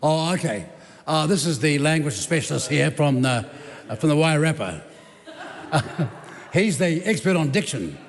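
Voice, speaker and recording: A man's voice: fairly high pitch, lively intonation, normal speed. A man giving a combative, sarcastic parliamentary debate speech as a government minister. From New Zealand. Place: large parliamentary debating chamber. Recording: echoey debating chamber.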